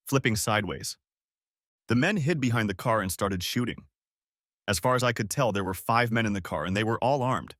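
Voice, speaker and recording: A man reading a first-person story aloud in a dramatic, expressive way. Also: on the low side, dry recording, studio quality. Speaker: story narrator.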